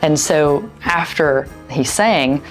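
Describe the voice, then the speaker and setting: Daughter interviewee, woman, very low voice, reminiscing, faint music bed. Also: slow. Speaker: daughter sharing memories. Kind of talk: interview storytelling.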